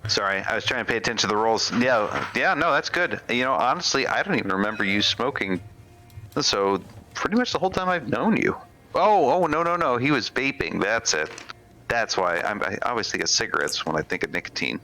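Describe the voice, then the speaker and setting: A man's voice: on the low side, very animated, a little fast, pushed and bright. A man co-hosting a live game stream, joking and self-deprecating in casual chat. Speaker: stream co-host and commentator. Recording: faint music behind.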